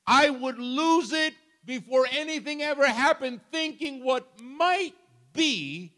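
Animated older man preaching a sermon. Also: very high-pitched, takes it slowly. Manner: animated, storytelling with humor and sudden shifts of volume.

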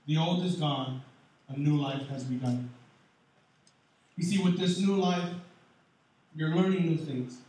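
A man preaching a sermon as pastor, animated, swinging between loud and soft. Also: a little high. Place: large church hall. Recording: echoey hall, mic far off.

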